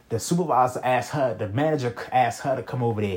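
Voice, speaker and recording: A man's voice: medium pitch, fast, few pauses, darkish tone. A young man telling a personal story in a casual, rambling monologue, full of slang and "you feel me.". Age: young adult.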